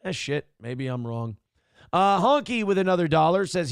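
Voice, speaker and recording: A man's voice: medium pitch, big pitch swings, moderate pace, vocal fry, clean tone, no room sound, clean studio sound. A man from Minnesota hosting a morning livestream, chatting casually, reading viewer donations aloud and swearing freely with a sarcastic, rambling manner. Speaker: morning show host.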